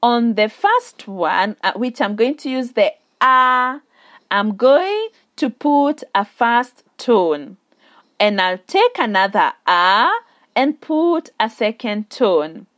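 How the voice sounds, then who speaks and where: A woman teaching beginners a language lesson at a very slow, careful pace. Her voice sits a little high and moves up and down a lot as she stretches sounds out to demonstrate them. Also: big pitch swings, a bit bright. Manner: slow and deliberate, drawing out vowels and tones for demonstration.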